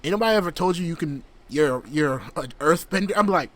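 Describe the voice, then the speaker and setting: Young dude podcast cohost, big swooping voice, loud animated rants. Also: male voice, a little high, a little fast. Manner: animated, profane storytelling with loud outbursts. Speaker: podcast co-host. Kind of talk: casual chat.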